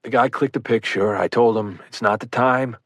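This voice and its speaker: Man, audiobook narration, first-person testimony, measured, earnest, mid pitch, dry studio sound. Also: fairly bright tone, no room sound.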